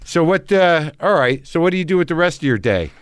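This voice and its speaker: A man's voice: fairly high pitch, very animated, fairly quick, clean tone, no room sound. A man hosting a podcast interview in a loose, chatty way, swearing freely. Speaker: podcast host. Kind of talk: casual conversational interview.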